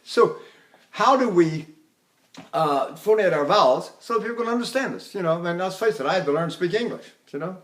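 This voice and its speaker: Older man, voice teacher, rambling anecdotal lecture, high-ish speaking voice. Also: expressive, fairly quick, fairly bright tone. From Texas. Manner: chatty, demonstrating with sung vowels and anecdotes. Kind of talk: recorded vocal technique lecture.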